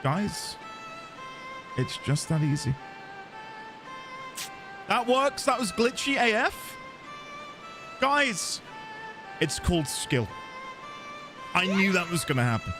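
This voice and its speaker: A man commentating live as he plays a video game, excitable and joking with his chat. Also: high-pitched, slow, long pauses. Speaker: streamer. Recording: game music behind.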